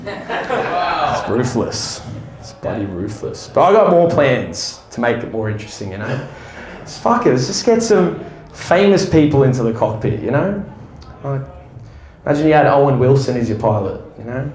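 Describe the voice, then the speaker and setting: A man's voice: mid-range voice, sing-song, moderate pace, a crowd in the background. An Australian man working through a stand-up set in a loose, self-deprecating way, with swearing scattered through his lines. His voice sits in a middling register. A small room adds a noticeable echo. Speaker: stand-up comedian. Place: small room at a fringe festival show.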